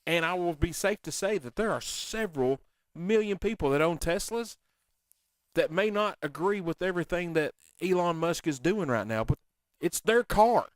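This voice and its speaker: A man's voice: sits high, lively intonation, normal speed, clean tone, no room sound. A man hosting a casual radio show, talking bluntly in a folksy, ranting way.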